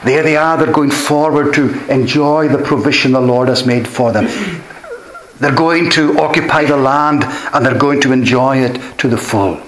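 A man's voice: medium pitch, steady tone, moderate pace, a bit bright, a little hiss or hum. A man preaching a sermon, earnest and emphatic, often repeating key phrases for weight. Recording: echoey room.

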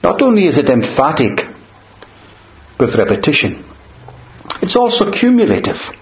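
A man preaching a sermon, measured and emphatic, slowing down on quoted verses. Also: on the high side, wildly swooping pitch. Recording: dull lo-fi sound in a roomy space.

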